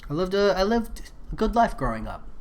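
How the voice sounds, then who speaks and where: A man's voice: high voice, big pitch swings, brisk. A man chatting casually while live-streaming a game, answering viewer messages in a laid-back way.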